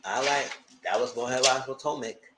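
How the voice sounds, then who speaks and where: A man giving blunt, profane live commentary on reality TV episodes, acting out cast members' lines in high voices. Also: normal speed, roomy sound, noisy background. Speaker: reality TV reviewer. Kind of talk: live casual recap commentary.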